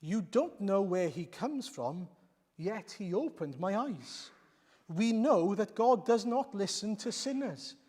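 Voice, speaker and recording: Man reading as a bold healed blind man, a little high, emphatic, church reverb. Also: lively intonation, takes it slowly, a little mellow, exaggerated voice. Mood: confident. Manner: emphatic, challenging. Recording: long reverb of a church hall.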